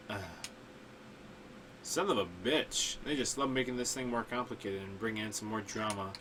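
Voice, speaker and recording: A man's voice: on the low side, steady tone, a little slow, pauses often, fairly bright tone, a little hiss or hum. A man hosting a let's play, reading game dialogue aloud in a mock-dramatic way and breaking in with crude jokes and casual commentary. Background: game music.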